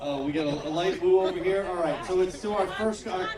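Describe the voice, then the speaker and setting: Guy emceeing a backyard comedy show, high lively voice, echoey and far from the mic, loud crowd. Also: a little fast. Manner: loose, filler-heavy crowd banter. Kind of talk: live show hosting with crowd work. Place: outdoor backyard patio.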